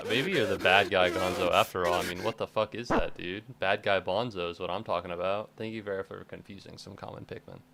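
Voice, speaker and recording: A man's voice: fairly low pitch, creaky, a bit bright, a little hiss or hum. A young man in his twenties, a college student chatting casually on a live stream, rambling, swearing freely and laughing often. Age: 20s.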